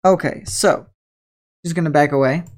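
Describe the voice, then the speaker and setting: A woman's voice: low-pitched, moderate pace, a little mellow. A woman running a tabletop game as game master, narrating scenes in a casual, chatty way with many "like"s.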